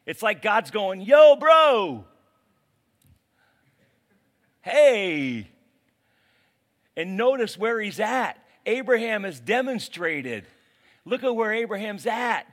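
A man preaching a sermon as a pastor, in a casual, animated way with slang. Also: high-pitched, a little slow.

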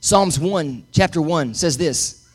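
A middle-aged man preaching with a notably high voice. He drives his points hard and keeps calling on the congregation to say the words back to him. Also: slow, a little mellow, slightly rough. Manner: emphatic, calls for congregation responses. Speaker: pastor. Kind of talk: sermon.

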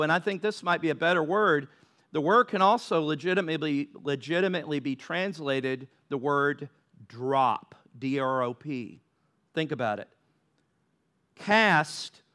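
A man's voice: a little high, normal speed, fairly bright tone. A man preaching a sermon, conversational and rising into impassioned pleas. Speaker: pastor.

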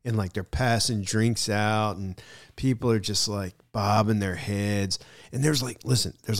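A middle-aged man hosting his podcast, telling a vacation story in a casual, excited way and calling the listener "dude" a lot. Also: on the low side, moderate pace, no room sound, clean studio sound. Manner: excited, slangy, keeps saying "dude". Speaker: podcast host.

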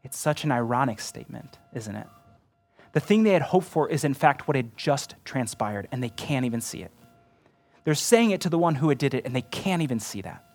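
A man's voice: medium pitch, lively intonation, a little fast, faint music behind. Earnest male pastor preaching, conversational. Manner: earnest and conversational, often asks the listener "right?". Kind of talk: sermon.

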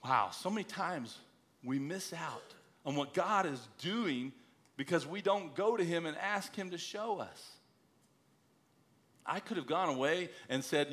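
A middle-aged male preacher with a bright, forceful voice tells a story from his own life in an earnest way. He builds to emphatic exhortation, urging his listeners to pray. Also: a little high, animated, unhurried. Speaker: missionary preacher. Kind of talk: sermon with personal story.

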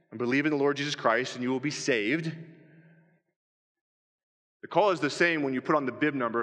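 Bright-voiced male pastor in a reverberant church. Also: on the high side. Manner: rhetorical questions to the congregation. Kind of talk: sermon. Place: church sanctuary. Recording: long reverb of a church hall.

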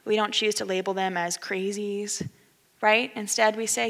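A woman's voice: mid-range voice, normal speed, creaky. A woman in her thirties telling a story in a conversational sermon, acting out the people in it. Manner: animated, conversational, acts out quoted voices. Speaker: speaker giving a talk. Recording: long hall reverb.

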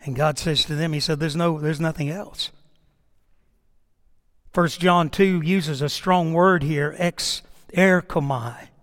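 Middle-aged male pastor, high voice, sermon delivery with dramatic rises and hushed drops, long church-hall reverb. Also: steady tone, slow pace. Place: church sanctuary.

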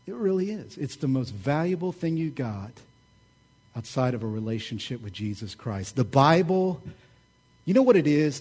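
A middle-aged man preaching a sermon, telling stories in a casual, joking and animated way. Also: medium pitch, normal speed, slightly rough. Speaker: pastor.

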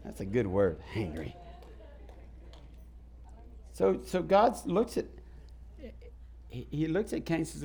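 A man preaches in a church sanctuary, his voice pitched notably high. He calls questions out to the congregation as he goes. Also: wildly swooping pitch, takes it slowly, vocal fry, pauses often, darkish tone. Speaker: pastor. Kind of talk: sermon.

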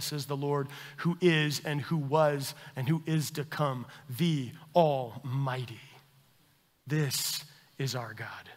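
A man's voice: on the high side, fairly bright tone. Impassioned preacher man in a reverberant hall. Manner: impassioned preaching, rising and dropping intensity. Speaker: pastor. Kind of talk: sermon.

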